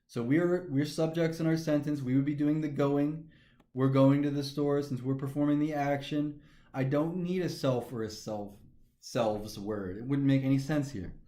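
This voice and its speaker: A man's voice: a little high, moderate pace, mellow. A man teaching a grammar lesson, methodically talking through each step aloud. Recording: echoey room.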